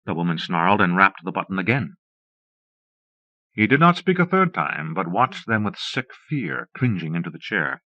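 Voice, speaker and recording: A man narrating an audiobook with a steady, measured delivery. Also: sits low, no room sound. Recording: dull dry cassette audiobook.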